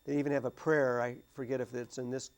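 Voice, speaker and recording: A man talking casually about a movie on a studio discussion show, halting and full of restarts. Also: mid-range voice, level tone, darkish tone. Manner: halting, many restarts and fillers. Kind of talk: casual chat about a film. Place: cable TV studio.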